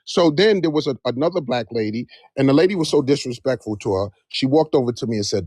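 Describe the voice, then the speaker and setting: A man's voice: medium pitch, lively intonation, brisk, hardly any pauses, darkish tone, slightly rough, no echo, clean studio sound. A man speaking in an impassioned live discussion, emphatic and repeating phrases for stress. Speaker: livestream debate participant. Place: Georgia area, on a live stream.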